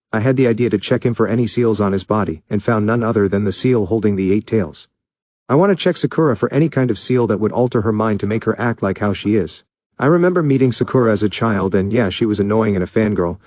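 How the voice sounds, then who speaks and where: A man voicing a cold, menacing young male ninja who talks in a calm, mocking, commanding way. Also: on the low side, dry recording, muffled recording, close to an everyday voice.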